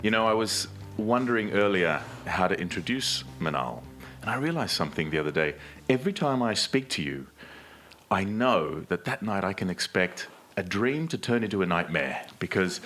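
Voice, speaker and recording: A man's voice: deep voice, very animated, normal speed, fairly bright tone, faint music behind. A man with an Australian accent co-hosting a live podcast event, giving a playful, teasing introduction.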